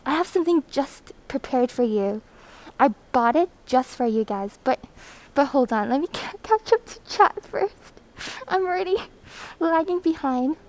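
A woman chatting casually on a live stream from an airport terminal, reading chat and greeting viewers excitedly, breathing heavily through a thick mask, recorded on a hand-held phone. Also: high voice, moderate pace, low-quality recording.

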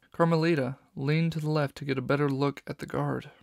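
A man narrating a children's novel audiobook in steady storytelling. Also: a little high, fairly quick, vocal fry, few pauses, no room sound, studio quality.

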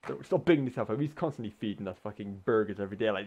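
A man hosting a gaming channel, telling a story in a casual, sweary, rambling way, full of filler words and quick acted-out voices. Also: fairly low pitch, faint music behind. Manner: animated, acts out voices in the story. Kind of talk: casual storytelling over gameplay.

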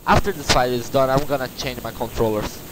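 A man's voice: medium pitch, fairly quick, background noise. A man commentating his own gameplay, frustrated and swearing at the boss he is fighting. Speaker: gamer. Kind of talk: let's play commentary. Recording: faint game music behind.

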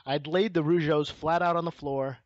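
A man's voice: a little high, fairly even intonation, moderate pace, no room sound. A man co-hosting a casual podcast, reading a book aloud with comic asides. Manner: reads with comic asides and laughter. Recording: dull, slightly lo-fi dry audio.

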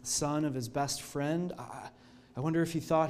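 Earnest pastor with a raised pitch. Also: male voice, moderate pace. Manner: earnest, expressive storytelling. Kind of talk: sermon. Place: church.

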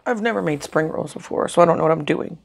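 A mukbang vlogger with a low, creaky voice chats casually to her camera at a quick pace, talking between bites as she eats. She's blunt and frank, swearing and then apologizing.

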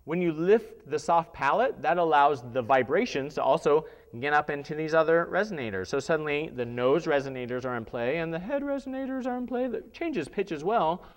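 A man's voice: on the high side, animated, fairly quick, few pauses, in a large hall. A man, a theatre instructor, leading a live voice workshop, coaching listeners through exercises. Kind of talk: live workshop lecture with vocal demonstrations.

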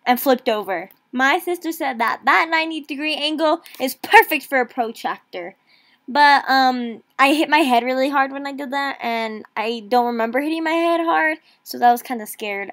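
A woman's voice: high-pitched, normal speed, a bit bright, dry recording. A young woman vlogging in a chatty, dramatic, self-mocking way, talking while she drives a car. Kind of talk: casual vlog chat. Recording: noisy car interior.

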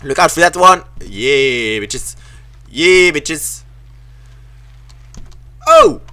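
Here a non-native English-speaking young gaming commentator talks slowly in an expressive voice on the high side. His let's play narration is sarcastic and heavy on swearing, punctuated by yelps and shouts aimed at the game.

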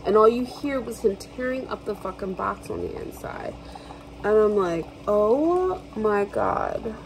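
A woman's voice: mid-range voice, moderate pace, background noise. A young adult woman telling a frustrated, swear-filled story to her camera in a casual vlog. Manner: ranting, swears freely, lots of fillers. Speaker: vlogger.

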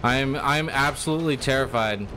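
A young man giving excitable gameplay commentary as a let's play gamer, often breaking into exclamations, on a USB desktop microphone. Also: mid-range voice, moderate pace, over music.

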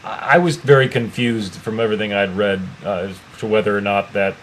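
A man's voice: lowish voice, fairly even intonation, brisk, crowd noise. A man co-hosting a casual movie review, talking in a hesitant way with many restarts and trailing off. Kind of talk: casual chat.

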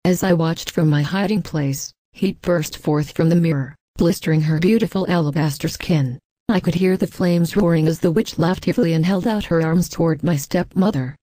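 Woman narrator, scripted story reading, even delivery, dark mellow tone. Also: on the low side, moderate pace, few pauses, no echo. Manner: even, reads punctuation marks aloud.

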